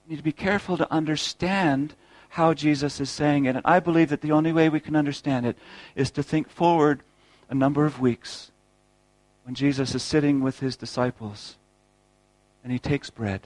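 A man's voice: fairly high pitch, steady tone, moderate pace, a little mellow, no echo, poor audio. A man preaching a sermon, earnest and explanatory, posing rhetorical questions and often repeating words as he goes.

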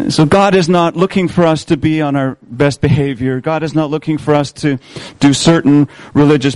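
A man preaching a sermon as pastor of his congregation, speaking in a measured way and repeating key phrases for emphasis. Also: a little high, a little mellow, no room sound, rough recording. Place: church service.

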